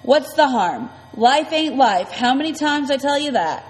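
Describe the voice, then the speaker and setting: A woman's voice: high-pitched, animated, measured pace, big-room sound, rough recording. A woman reading an audiobook, voicing a menacing tattooed man who talks curtly and with threat. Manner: curt, threatening.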